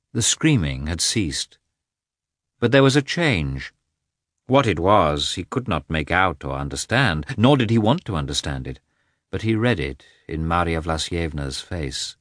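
A man giving a slow, expressive scripted reading of a novel as an audiobook narrator. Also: low-pitched, no room sound, studio quality.

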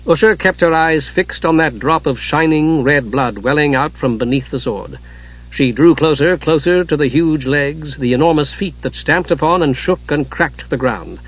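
A man narrating a fantasy audiobook in a steady, dramatic storytelling manner. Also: a little high, normal speed. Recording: dull lo-fi audiobook recording.

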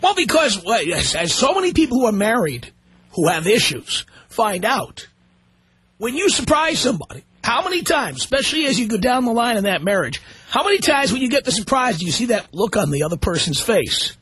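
A man's voice: very high-pitched, very animated, fairly quick, fairly bright tone, breathy edge, no room sound. A man hosting a radio talk show, blunt and combative, arguing his opinions with callers. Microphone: studio microphone.

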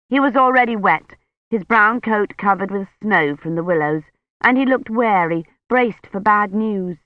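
An audiobook narrator reading a novel in a measured, even scripted narration. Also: medium pitch, dry recording, muffled recording.

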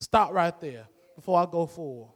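A man's voice: fairly high pitch, animated, moderate pace. A man preaching a sermon as pastor, in a rhythmic, repetitive preaching style with rising fervor. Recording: long hall reverb.

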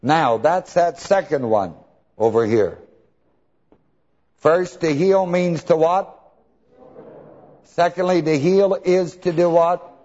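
A man with a fairly high, darkish voice preaches slowly, pausing often. He asks the congregation to fill in words and spells terms out letter by letter, captured on a dull lo-fi recording with long hall reverb.

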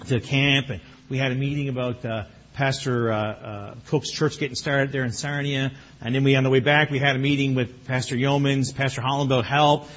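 A middle-aged male pastor preaching a sermon, animated and breaking into excited exclamations. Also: medium pitch, a little hiss or hum. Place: church sanctuary. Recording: muffled lo-fi recording.

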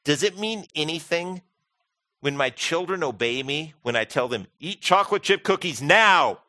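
A man preaching a sermon as pastor, animated and humorous, acting out quoted voices. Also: fairly high pitch, moderate pace, no echo.

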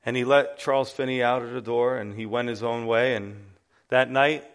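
A man's voice: mid-range voice, fairly even intonation, normal speed, clean tone. A man preaching an earnest, emphatic sermon and telling a story.

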